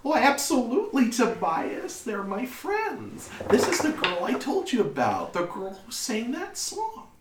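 A man voicing a fussy, motherly older woman who chatters in a high, fluttery voice. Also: wildly swooping pitch, measured pace, hardly any pauses, roomy sound, background noise, exaggerated voice. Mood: fussing.

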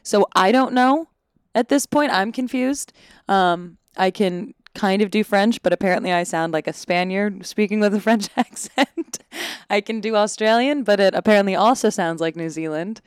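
A woman's voice: medium pitch, normal speed, clean tone, no echo, clean studio sound. A woman in her twenties, an actor, chatting casually and self-deprecatingly in an interview, full of "like". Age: 20s. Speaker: actor guest. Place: Los Angeles.

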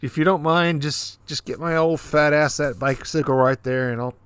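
A man's voice: on the high side, normal speed, a bit bright, clear, resonant tone. A man co-hosting a podcast, telling casual stories in a laid-back, profane way. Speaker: podcast co-host. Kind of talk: casual chat. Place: Fukuoka, Japan.

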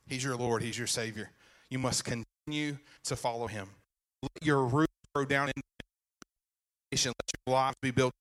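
A man, preaching a sermon as pastor, with animated asides and questions to the congregation. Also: medium pitch, normal speed, low-quality recording. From Virginia.

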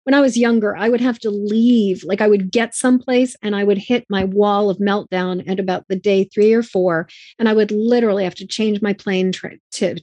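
A woman's voice: medium pitch, darkish tone, no echo. Chatty woman host, dry sound. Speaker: podcast host. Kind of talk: casual conversation.

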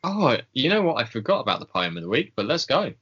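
A man's voice: medium pitch, big pitch swings, quick pace, fairly bright tone, breathy edge. A man co-hosting a casual podcast chat, rambling with lots of ums and small laughs. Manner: rambling, hesitant with many ums, chuckling. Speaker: podcast co-host. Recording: dull lo-fi recording.

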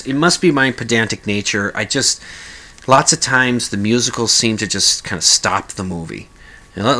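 A man's voice: mid-range voice, bright, forceful tone. A man hosting a podcast, talking casually in a rambling way with frequent restarts. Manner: rambling, with many restarts and sung mock lyrics. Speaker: podcast host. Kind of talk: casual monologue.

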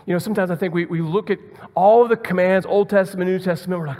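A man's voice: sits high, fast, few pauses, darkish tone, in a large hall. A man preaching a sermon in a conversational way, repeating words and asking the listeners rhetorical questions. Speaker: pastor.

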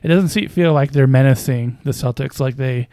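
A man's voice: mid-range voice, moderate pace, mellow, no room sound. A man casually commenting on basketball news as a podcast host, with a hesitant, wry delivery full of fillers and small chuckles.

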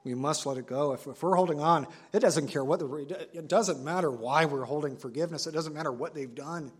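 A man preaching a sermon to his assembly, earnest and emphatic, repeating key phrases and slowing down on stressed words. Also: a little high, slightly rough. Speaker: pastor.

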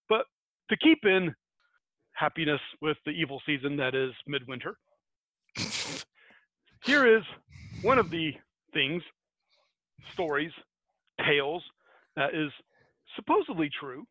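A man's voice: fairly high pitch, animated, normal speed, pauses often, no room sound. Chatty American man, tinny dry audio. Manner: rambling, self-interrupting, laughs at himself. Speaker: podcast host. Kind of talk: casual podcast chat and folktale retelling. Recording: tinny phone-like dry sound.

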